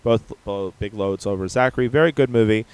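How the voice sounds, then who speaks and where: A man's voice: on the low side, a little fast, darkish tone, clean tone, no room sound. A man co-hosting a podcast, chatting casually and rambling with lots of filler words. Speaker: podcast co-host.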